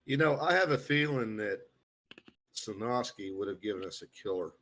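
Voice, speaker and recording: A man's voice: lowish voice, lively intonation, moderate pace, fairly bright tone. A man hosting a live stream in an easygoing, chuckling way, inviting audience questions. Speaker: host. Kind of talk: casual live-stream banter.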